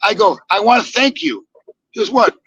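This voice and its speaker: A man in his sixties telling a casual story, acting out the quoted lines with lively energy and casual swearing. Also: sits high, normal speed, slightly rough, no echo, highs cut off. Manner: animated, acts out quoted dialogue, swears casually. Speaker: podcast guest telling stories.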